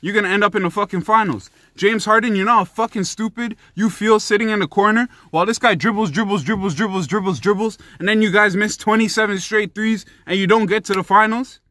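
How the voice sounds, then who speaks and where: A man's voice: high voice, fairly even intonation, brisk, hardly any pauses, bright, forceful tone, dry recording. A young man giving heated, profane sports commentary in a ranting vlog style.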